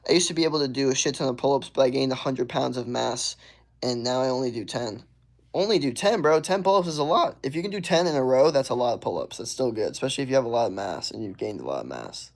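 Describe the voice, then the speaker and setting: A young man streaming live, reading out viewer comments in a relaxed, drawling way, often saying "bro" and "hell yeah.". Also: mid-range voice, fast, hardly any pauses. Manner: laid-back, drawling, says "bro" and "hell yeah" a lot. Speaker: livestreamer. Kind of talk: casual livestream chat reading viewer comments.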